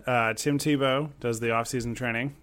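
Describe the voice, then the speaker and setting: A man co-hosts a sports podcast at a middling pitch. He thinks aloud in a hesitant, loose way with plenty of fillers and drops in dry jokes. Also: steady tone, normal speed, a bit bright. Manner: hesitant, musing, joking. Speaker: podcast co-host. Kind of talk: casual sports chat.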